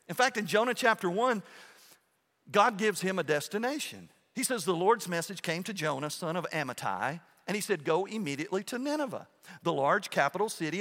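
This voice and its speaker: A male pastor preaches a conversational sermon in a church sanctuary, often checking in with "okay?" and frequently restarting phrases and repeating words. His voice is high with a sharp tone, trailed by a long reverb.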